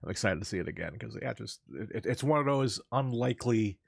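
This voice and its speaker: A man with a low, gravelly and husky voice chatting casually on a podcast. He talks in a laid-back way and repeats words while he gathers his thoughts. The sound is dry and close. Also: expressive, fast talker, no room sound. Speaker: podcast co-host. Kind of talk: casual chat.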